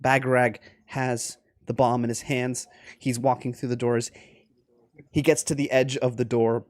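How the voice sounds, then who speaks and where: A man running a tabletop game, narrating scenes slowly for suspense and laughing between lines. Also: mid-range voice, level tone, a little mellow, no echo. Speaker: game master.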